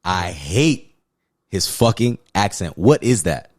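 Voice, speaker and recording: A man's voice: low-pitched, takes it slowly. A man from the Pacific Islands co-hosting a podcast, ranting in casual movie review chat, profane and emphatic. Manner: animated, profane, emphatic love-hate rants. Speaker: podcast co-host.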